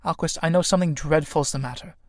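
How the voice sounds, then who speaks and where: A man's voice: a little high, fairly even intonation, fast talker, no echo, studio quality, lightly acted. A man reading the part of an anxious young woman in an audiobook of a play, in a pleading way. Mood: nervous.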